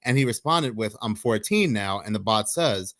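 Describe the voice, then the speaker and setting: A man's voice: fairly low pitch, lively intonation, moderate pace, a bit bright, no echo, studio quality. A man hosting a news commentary channel, reading articles and chat logs aloud in a plain voice.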